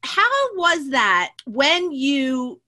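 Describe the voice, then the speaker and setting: A woman hosting an interview, effusive and affirming, quick to praise her guest. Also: high voice, lively intonation, sharp tone. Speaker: podcast host. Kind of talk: casual interview chat.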